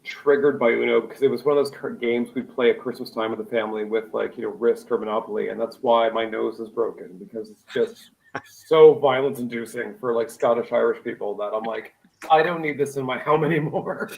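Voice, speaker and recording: Gravelly man telling a quick joke. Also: mid-range voice, steady tone, a little mellow, poor audio. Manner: quick, jokey storytelling. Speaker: co-host. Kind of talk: casual live-stream chat. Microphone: video call mic.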